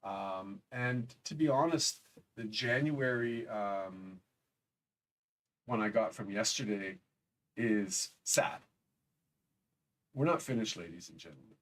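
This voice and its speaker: Somber halting man, a bit off-mic. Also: lowish voice, a bit bright, recorded from a distance. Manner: halting, somber, many pauses. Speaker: live-stream host. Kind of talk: live stream talk reading chat.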